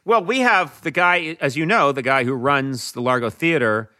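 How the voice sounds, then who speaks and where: A man appearing as a podcast guest, telling stories in casual chat and swooping his voice up high for comic emphasis. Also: normal speed, bright, forceful tone.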